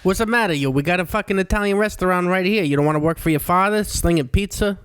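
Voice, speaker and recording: A man putting on a gruff Long Island Italian father with a Long Island accent who scolds in a brash, exasperated way. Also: high voice, fast talker, fairly bright tone, voice pushed up. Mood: scolding.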